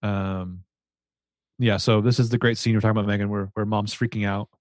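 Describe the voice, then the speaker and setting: Lively man in a dry, close recording. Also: lowish voice, fairly quick, no room sound. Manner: animated, laughing, retelling scenes. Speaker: podcast co-host. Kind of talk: casual movie-discussion chat.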